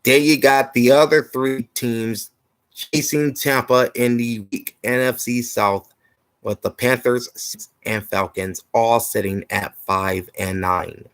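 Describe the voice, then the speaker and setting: A man's voice: medium pitch, fairly even intonation, takes it slowly, fairly bright tone, dry recording, low-quality recording. A man hosting a sports show, steadily reading playoff standings and stats and sounding slightly tired. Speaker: host.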